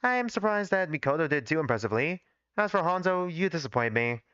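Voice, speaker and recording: A man's voice: on the high side, very animated, quick pace, sharp tone, clear, resonant tone, no room sound. A man voicing a bratty, smug rich girl while reading his own story aloud on a dull, lo-fi stream mic. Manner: smug, taunting.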